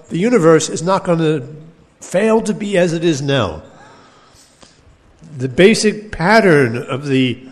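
Man teaching scripture in an echoing hall. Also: fairly high pitch. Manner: measured, explanatory, pauses to reread quoted verses. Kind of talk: scripture class lecture. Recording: long hall reverb.

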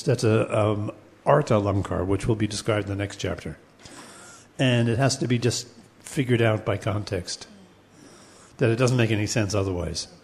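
A mid-range, darkish male voice delivers a classroom lecture on Sanskrit poetics. The teacher explains patiently, breaks into chanted Sanskrit verses at times, and often restarts what he's saying with fillers. Long hall reverb surrounds the recording.

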